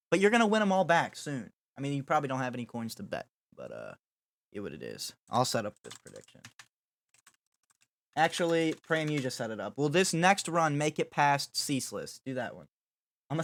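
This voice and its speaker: A man's voice: medium pitch, a bit bright, no room sound. Young male streamer, casual and jokey, dramatic with chat, dry close-miked sound. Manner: joking, dramatic mock apologies to chat. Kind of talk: casual livestream chat while gaming.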